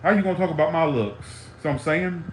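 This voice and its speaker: A man's voice: on the high side, fairly quick, slight background noise. A man in an angry, profane ranting monologue, heated and repetitive, talking to a live stream audience. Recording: roomy echo, faint ambience.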